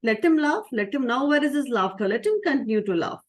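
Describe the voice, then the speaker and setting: A woman's voice: a little high, expressive, brisk. A woman storyteller voicing an angry, overfed male elephant-headed god who threatens those who mock him. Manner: stern, threatening when mocked.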